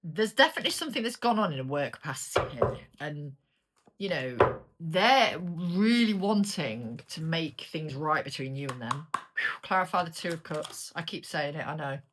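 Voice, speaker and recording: A woman's voice: deep voice, lively intonation, normal speed, background noise. A woman with a British accent giving a casual, chatty tarot reading, blunt and sweary as she turns the cards. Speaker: tarot reader.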